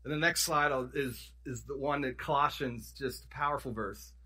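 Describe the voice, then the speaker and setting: Husky-voiced man preaching a sermon. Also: mid-range voice, moderate pace, pushed and bright. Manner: conversational preaching, restarts and self-corrections, emphatic storytelling. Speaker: pastor.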